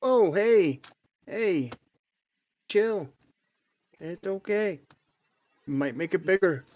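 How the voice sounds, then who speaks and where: A man's voice: sits high, lively intonation, very slow, darkish tone. A man playing a tabletop game, hesitant and stammering as he talks. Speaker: player. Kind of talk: tabletop role-play. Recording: muffled lo-fi recording.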